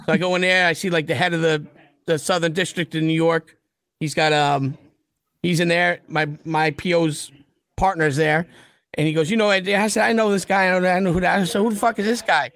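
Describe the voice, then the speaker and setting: A man with a fairly high voice tells a story in a blunt, profane way, acting out both sides of the conversations he describes. The sound is dry and close, with no room around it. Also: flat delivery, brisk, a bit bright, dry recording. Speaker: guest telling prison stories. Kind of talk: casual storytelling.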